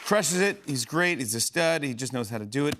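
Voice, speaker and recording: Excitable male talk show host. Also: medium pitch, fairly quick, over a noisy crowd, very noisy. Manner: excited, laughing, rambling with many fillers. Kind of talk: casual storytelling monologue. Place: TV studio stage.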